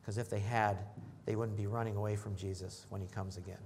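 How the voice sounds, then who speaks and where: A man preaching a sermon in a conversational way, joking with the congregation and rising in pitch and volume when he reads scripture. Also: level tone, a little fast, a little mellow, a little hiss or hum. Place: church in front of a congregation.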